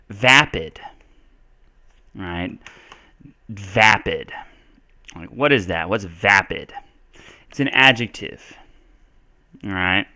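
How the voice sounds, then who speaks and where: A man's voice: lowish voice, sharp tone, clean tone. A man from the United States teaching English in a casual live-stream Q&A, rambling and correcting himself as he talks. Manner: rambling, self-correcting, chatty.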